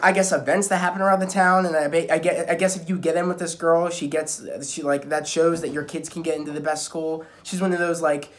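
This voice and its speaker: A man's voice: on the high side, fairly even intonation, a little fast, hardly any pauses. Rambling young man recapping a show. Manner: rambling, full of restarts and "like". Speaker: video reviewer. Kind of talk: casual episode recap.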